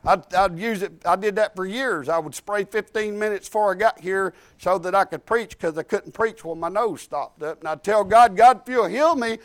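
A man's voice: high-pitched, moderate pace, few pauses. A man preaching a sermon, telling his own story in a folksy, emphatic way with many restarts. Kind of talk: sermon with personal testimony.

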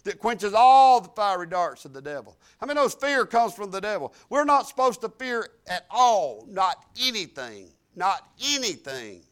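High-voiced older preacher. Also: male voice, very animated, normal speed, hardly any pauses, clean tone. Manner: folksy storytelling, swings from quiet asides to loud emphatic declarations. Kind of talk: sermon.

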